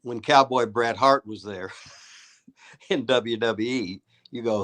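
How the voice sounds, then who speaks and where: A man's voice: medium pitch, takes it slowly, a bit bright. An older man, a retired wrestler hosting a show and telling rambling, folksy stories with swearing and laughs. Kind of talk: casual storytelling chat.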